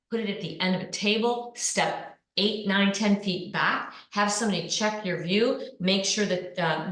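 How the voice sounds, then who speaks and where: A woman's voice: medium pitch, fairly bright tone. A woman coaching people on presenting online, speaking with energy and punching out keywords. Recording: echoey room.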